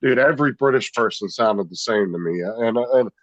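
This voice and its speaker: A man's voice: medium pitch, moderate pace, dry recording, rough recording. A man from California chatting casually, laid-back and swearing freely. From California, USA. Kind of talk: casual chat.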